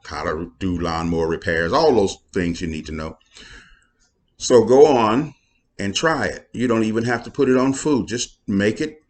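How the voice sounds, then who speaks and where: A middle-aged man, a pastor talking casually to viewers in a folksy, preachy way with playful asides. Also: lowish voice.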